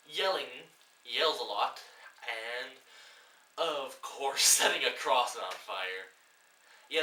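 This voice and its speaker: Sarcastic man ranting in a roomy echo. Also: mid-range voice. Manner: sarcastic, profane, mocking; builds to loud exasperated outbursts. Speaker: film reviewer. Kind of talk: comedic film review rant. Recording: roomy echo, distant mic, faint hiss.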